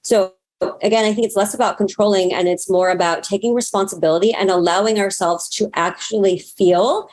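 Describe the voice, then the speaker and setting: Candid and occasionally profane, a woman who is a spiritual teacher and astrologer talks in a casual interview, acting out her self-talk as quoted asides. Her delivery is a little fast, fairly even, and a little mellow in a mid-range voice.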